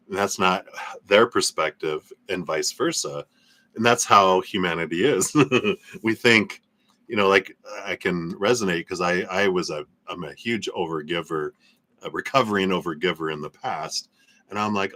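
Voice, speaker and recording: Deep-voiced man rambling through a tarot reading. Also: normal speed, a bit bright. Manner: loose, rambling, with frequent fillers and laughs. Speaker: tarot reader. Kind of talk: live tarot reading stream.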